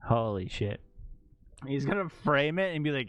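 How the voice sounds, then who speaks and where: A man's voice: medium pitch, very animated, normal speed, a bit bright, no room sound. A man streaming, chatting casually while editing photos, joking and laughing often.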